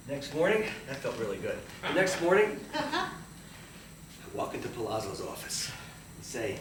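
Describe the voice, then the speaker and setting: A man telling his story in a one-man theater monologue, animated and self-mocking. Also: medium pitch, moderate pace, pauses often, noisy background. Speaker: solo stage performer. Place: theater stage. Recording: live stage, distant roomy hall.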